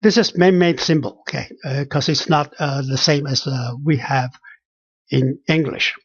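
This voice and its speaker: A teacher giving a pronunciation lesson, halting and full of fillers, repeating each sound and example word. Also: mid-range voice, breathy edge, dry recording, muffled recording. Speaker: language teacher.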